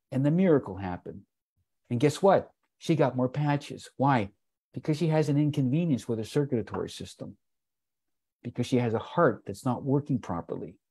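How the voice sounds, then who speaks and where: Animated folksy man telling a sales story. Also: medium pitch, breathy edge. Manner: folksy, repeats "folks", acts out quotes. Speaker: wellness product presenter. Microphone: video call.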